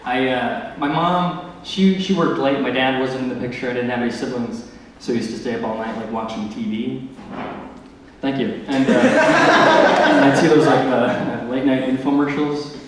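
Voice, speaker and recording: A young man doing a stand-up comedy set, delivering awkward deadpan one-liners full of filler words. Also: mid-range voice, normal speed. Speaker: stand-up comic. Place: large hall with live audience. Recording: echoey hall, distant mic, loud noise.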